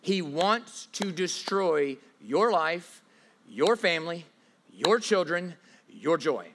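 A man preaching a sermon as pastor, emphatic, swinging from loud bursts to hushed lines and repeating himself on restarts. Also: fairly high pitch, big pitch swings, takes it slowly, noisy background.

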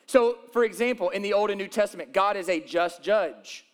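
A man's voice: sits high, fairly quick, clean tone. A man preaching a sermon, reading scripture aloud and explaining it with emphatic repetition of key phrases. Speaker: pastor.

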